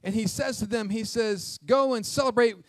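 Male pastor, energetic call-and-response sermon; high-pitched, dry close recording. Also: no room sound. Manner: energetic call-and-response preaching, asks the congregation questions; jokes aside in a quiet, quick low voice. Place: church sanctuary with congregation.

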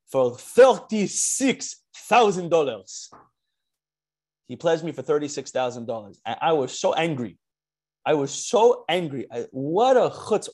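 A man tells a personal story on a video call. His delivery is animated and full of restarts, and his pitch swings widely. He drops Yiddish words in as he goes. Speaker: speaker at an online charity talk. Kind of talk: storytelling talk.

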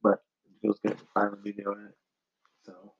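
Laid-back gravelly podcast co-host. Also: male voice, on the low side, completely flat delivery, brisk, highs cut off. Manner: laid-back, rambling with many fillers. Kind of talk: casual chat.

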